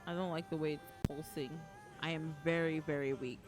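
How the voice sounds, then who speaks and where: A woman's voice: low-pitched, steady tone, normal speed. A woman streaming a video game live, talking emotionally and repeating pleading phrases as she plays. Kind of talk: live gaming stream chat. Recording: game music playing behind.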